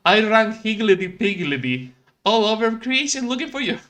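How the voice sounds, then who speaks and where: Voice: mid-range voice, very animated, normal speed, fairly bright tone, pitched above the performer's own voice. A streamer voicing a fussy, old-fashioned little handyman in a game cutscene, reading his lines in a prim, scolding way. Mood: aggrieved. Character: fussy cheerful little handyman, adult man.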